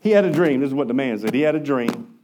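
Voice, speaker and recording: A man preaching a sermon, telling folksy stories with an animated delivery and quick asides. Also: mid-range voice, a little hiss or hum. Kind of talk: sermon storytelling.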